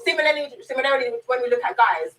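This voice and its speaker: A woman's voice: sits high, expressive, fast, very noisy. A woman speaking earnestly, explaining her view in a group discussion.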